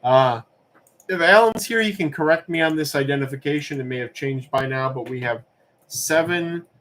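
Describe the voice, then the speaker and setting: A man hosting a live-streamed auction, chatting casually in a relaxed, rambling way as he answers chat questions between calls. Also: medium pitch. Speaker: livestream auction host.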